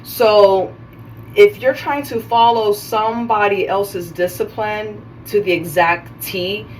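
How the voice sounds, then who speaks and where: A woman's voice: mid-range voice, steady tone, slow pace, darkish tone, far from the mic, low-quality recording. A woman hosting a casual self-care video, chatting while she styles her hair and often stopping to correct herself mid-sentence. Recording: voice a bit off-mic, faint background noise.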